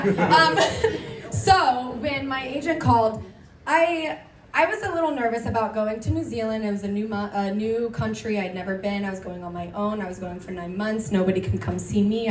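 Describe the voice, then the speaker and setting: A woman telling an animated, giggly story as a guest on a convention panel. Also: medium pitch. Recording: roomy hall, distant mic, noisy.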